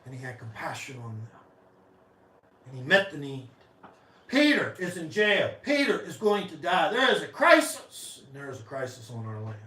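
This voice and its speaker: A male pastor preaching a sermon with passion, his voice swinging from loud to soft. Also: on the high side, sing-song, moderate pace, reverberant, distant mic, low-quality recording. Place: church sanctuary.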